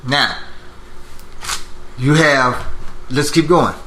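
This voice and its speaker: A man teaching a Bible class, asking students questions, repeating their answers and slowing down to stress each point. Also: mid-range voice, bright, forceful tone. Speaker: teacher leading a Bible study. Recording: echoey room with faint noise.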